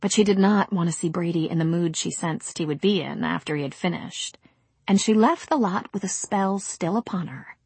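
Breathy female audiobook narrator, dry close recording. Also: lowish voice, normal speed, a little mellow, no echo.

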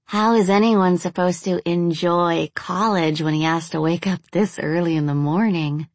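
A woman's voice: on the low side, fairly even intonation, moderate pace, a little mellow, no room sound, natural voice. A woman voicing a playful young female college student with a teasing manner.

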